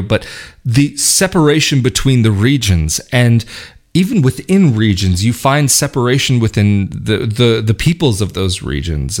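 A man talks straight to camera in a relaxed, meandering vlog. His voice sits in a middle register, and he circles his points with small restarts and easy laughs. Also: medium pitch. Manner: thoughtful, rambling, with frequent laughs and restarts. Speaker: vlogger. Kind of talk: casual talk to camera. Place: lives in northern Italy near Venice.

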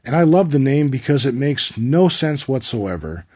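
A man's voice: mid-range voice, sing-song, moderate pace, warm tone, husky. A man in his forties hosting a podcast, telling a story in a wry, profane, rambling comic monologue. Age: 40s. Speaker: podcast host.

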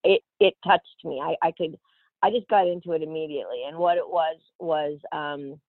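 A woman from Australia, an actress, telling stories in an animated interview and often laughing. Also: low voice, normal speed, dry recording. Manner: animated, laughing, quotes other voices. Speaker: actress guest. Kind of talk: casual interview storytelling. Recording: tinny phone-like line, dry.

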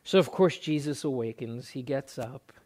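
A man's voice: medium pitch, moderate pace, darkish tone. A man preaching a sermon as a pastor, earnest, often repeating words and stretching out phrases for emphasis.

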